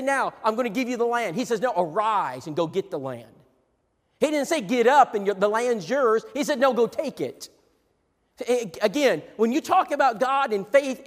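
A man preaching a sermon, swinging between loud proclamation and quiet asides. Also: very high-pitched. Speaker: pastor. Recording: long reverb of a large hall.

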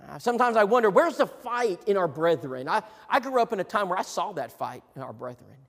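A middle-aged man preaching a sermon, repeating himself, swinging between hushed asides and rousing emphatic bursts. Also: high-pitched, expressive, a little fast. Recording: long reverb in a large hall.

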